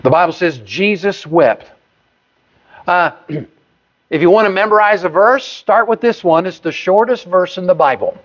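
A pastor preaching a sermon, stressing single words with sudden rises in pitch and volume. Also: male voice, lively intonation, unhurried. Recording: dull lo-fi sermon recording.

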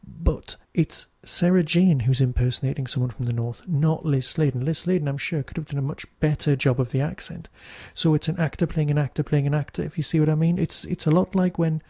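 A man's voice: fairly high pitch, a little fast, hardly any pauses, warm tone, dry recording. A Newcastle man with a Geordie accent hosting a podcast, reviewing in a chatty, wry, digressive monologue. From Newcastle, England. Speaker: podcast host.

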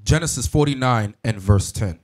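A man reading Bible verses aloud in a measured, deliberate way during a sermon. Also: medium pitch, animated, a little mellow. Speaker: scripture reader.

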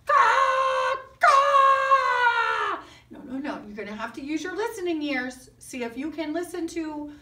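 A woman's voice: high voice, expressive, a little fast, few pauses. A woman teaching a kindergarten music class with puppets, coaxing children with sing-song questions. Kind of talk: online music lesson with puppets. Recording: roomy sound from a distant mic.

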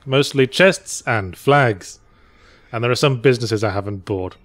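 A man's voice: medium pitch, measured pace. A man co-hosting a casual let's play, explaining the game in a dry, sardonic way. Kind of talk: casual gameplay commentary.

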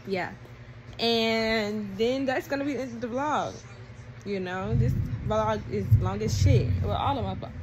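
A woman's voice: fairly high pitch, unhurried. A young woman and new mother chatting casually to her viewers in a slangy vlog, talking into a handheld phone at home. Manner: chatty, slangy, lively, addresses viewers as y'all. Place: at home, indoors. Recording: noisy home phone recording.

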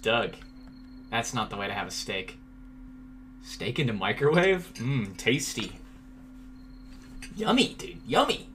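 A man's voice: lowish voice, very animated, unhurried, long pauses, fairly bright tone, slight background noise. A man streaming a video game, joking and reacting with sudden jumpy outbursts while talking to chat. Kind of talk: let's play commentary.

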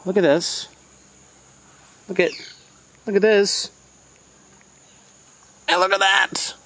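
A young man from the United States chatting excitably to his viewers while walking a rainforest trail at dusk, filmed on a handheld phone. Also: sits high, slow pace. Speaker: vlogger. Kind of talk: casual vlog walk-and-talk.

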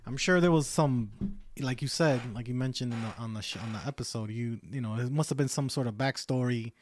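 A man's voice: medium pitch, fairly quick, a little hiss or hum. A man co-hosting a casual podcast, easygoing and agreeable, who hedges his thoughts with "you know" and "I guess". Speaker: podcast co-host.

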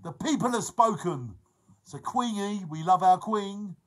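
A man's voice: sits high, expressive, measured pace, fairly bright tone, rough recording. A man, chatting casually and jokily on his live stream and greeting viewers by name. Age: 40s. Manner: chatty, jokey, reads out viewer names.

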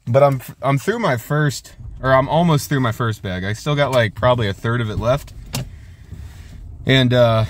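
A man's voice: medium pitch, a little hiss or hum. A young man vlogging in casual, rambling chat, cursing and joking about himself as he talks outside and from his car. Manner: rambling, profane, self-deprecating. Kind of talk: casual vlog.

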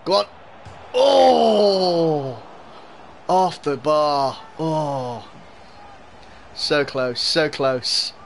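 A man's voice: a little high, very slow, fairly bright tone, slight background noise. Chatty Scouse man commentating gameplay. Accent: Liverpool Scouse, mild. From Liverpool, England. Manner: chatty, laughs often, cheers at the game. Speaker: gaming streamer. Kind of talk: live gameplay commentary and chat with viewers.

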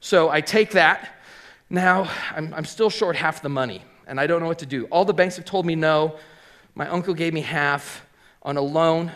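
Middle-aged man, casual storyteller on stage, slightly high voice, lots of ums and likes. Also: a bit bright. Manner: chatty, filler-heavy, voices quoted people. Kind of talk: live personal storytelling. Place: theater stage.

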